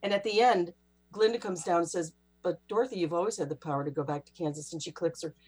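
Animated woman telling stories. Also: lowish voice, fast talker, breathy edge. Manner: animated, acts out quoted voices. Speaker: guest author. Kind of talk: storytelling in a casual interview.

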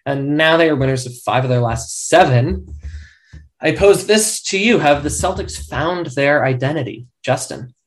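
A man's voice: a little high, animated, normal speed. A man hosting a casual sports podcast, laughing often and keeping the banter upbeat. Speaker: podcast host.

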